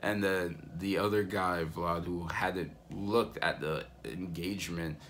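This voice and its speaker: A young man vlogging, casually telling stories with a relaxed, rambling manner full of fillers. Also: sits low, slow, a little hiss or hum. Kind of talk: casual storytelling vlog.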